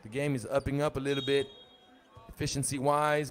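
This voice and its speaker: A man's voice: mid-range voice, little pitch movement, fairly quick, faint music behind. A man doing live play-by-play commentary for a basketball tournament, joking and chatting between calls. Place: arena at a live 3x3 tournament.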